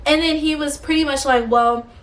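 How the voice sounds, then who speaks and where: A young woman vlogger tells a workplace story as a blunt, animated rant, swearing often. Her voice is on the high side and brisk, and she sounds tired and hungry.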